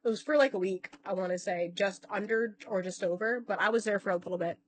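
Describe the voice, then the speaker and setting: At a quick pace and with a mid-range voice, a woman vlogger rambles through a long personal story. She corrects herself along the way, swears occasionally, and performs other people's lines in quoted voices.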